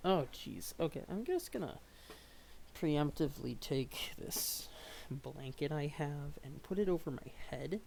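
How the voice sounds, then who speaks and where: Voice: medium pitch, expressive, measured pace, gravelly, a little mellow, slight background noise. Rambling self-deprecating young streamer. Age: young adult. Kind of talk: live stream reading a webcomic. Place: at home, under a blanket.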